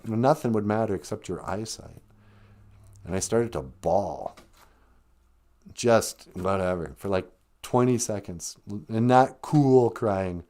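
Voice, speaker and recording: This comedian's voice is fairly low, a little slow, and mellow as he recounts something personal on a live stream. He talks casually, laughs often, chokes up, and acts out short quotes from people.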